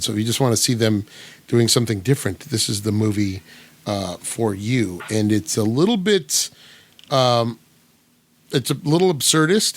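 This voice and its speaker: A man from the United States hosting a casual podcast chat, rambling with many fillers and restarts. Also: mid-range voice. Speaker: podcast host.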